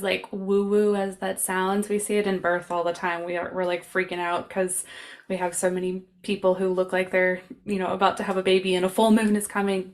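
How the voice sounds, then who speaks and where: A woman co-hosting a podcast who talks in a relaxed, easygoing way and asks questions. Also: medium pitch. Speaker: podcast co-host. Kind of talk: casual podcast interview.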